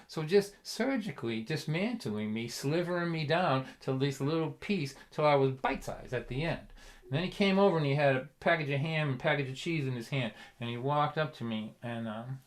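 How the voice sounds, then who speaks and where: A man's voice: a little high, normal speed. A man telling a comic story to a livestream audience, rambling along, chuckling and checking in with his listeners. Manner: rambling, chuckling, asks "you know what I mean". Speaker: folk singer and storyteller.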